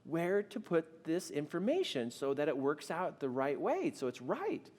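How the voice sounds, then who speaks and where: A man voicing his wife as a high, breathless, earnest woman who is gently amazed. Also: very animated, a little slow, full character voice.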